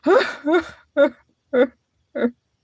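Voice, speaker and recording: A woman voicing a boastful male cartoon shark who hosts a comedy show, squeaky and sing-song with frequent sighs. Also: extremely slow, a little mellow, dry recording, clean studio sound, full character voice. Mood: mopey. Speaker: show host. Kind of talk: comedy character monologue.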